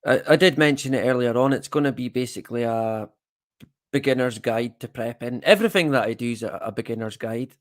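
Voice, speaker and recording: A Scottish livestream host chats casually with his viewers in a brisk, medium-pitched voice, drifting into rambling, self-deprecating asides.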